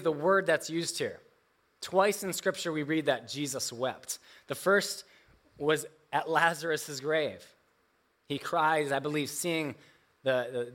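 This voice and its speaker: A man's voice: sits high, fairly bright tone. A man preaching a sermon, reading scripture and explaining it earnestly, with emphatic rises and frequent restarts. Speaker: pastor.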